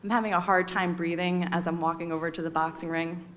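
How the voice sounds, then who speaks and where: American woman, 30s, live storyteller; wry, confessional, lively when quoting others. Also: on the low side, fast talker. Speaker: storyteller on stage. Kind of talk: personal storytelling performance.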